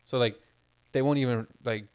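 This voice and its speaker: A man's voice: medium pitch, steady tone, moderate pace, clear, resonant tone. A young man co-hosting a casual podcast, talking bluntly and animatedly with lots of swearing. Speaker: podcast co-host.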